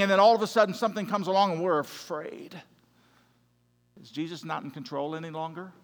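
Male pastor, high-pitched, animated sermon delivery, long reverb. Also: a little fast. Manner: animated preaching, acts out quotes, swings loud and soft.

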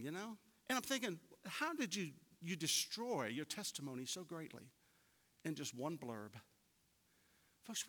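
With a ringing, bright voice slightly higher than most men's, a pastor tells folksy stories in his sermon that build into emphatic high points. A long hall reverb trails his words.

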